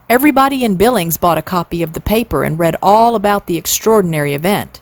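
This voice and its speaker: A woman in her sixties reading a classic children's novel aloud, expressive and playing up the sound words. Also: fairly low pitch, fast, few pauses, no echo. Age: 60s. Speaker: storyteller.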